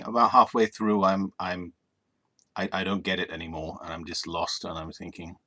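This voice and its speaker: A man's voice: low-pitched, moderate pace, sharp tone. A man co-hosting a casual live-streamed talk show, joking around playfully and trailing off into fillers. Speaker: co-host.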